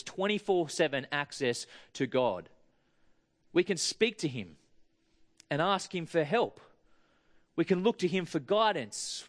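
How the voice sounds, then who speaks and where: A man giving a sermon, chatting and joking with his congregation. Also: a little high. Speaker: preacher. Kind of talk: sermon with audience interaction.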